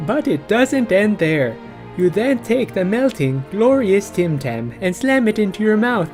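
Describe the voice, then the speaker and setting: Deadpan man narrating a jokey vlog. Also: sits high, measured pace. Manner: deadpan, tags lines with "eh". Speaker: vlogger. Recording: music behind.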